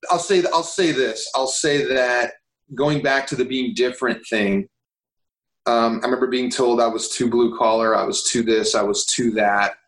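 Animated man in a roomy space. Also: mid-range voice, normal speed. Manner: animated, swears, acts out quoted voices. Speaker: guest actor. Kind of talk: casual interview storytelling.

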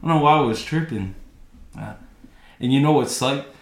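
A man's voice: mid-range voice, normal speed. A man on a podcast speaking in slang, tossing in bro. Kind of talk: casual chat. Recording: echoey room.

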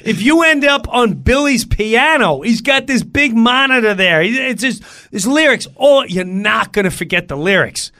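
Man putting on a pushy excitable guitarist, high strained voice, loud, insistent. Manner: loud, insistent, rapid-fire. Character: pushy excitable male rock guitarist, middle-aged.

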